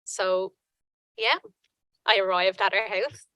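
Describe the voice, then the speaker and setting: Bright-voiced woman telling her story. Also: medium pitch, no room sound, rough recording. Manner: earnest, halting, many restarts. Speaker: conference panel speaker. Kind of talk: personal testimony at a conference.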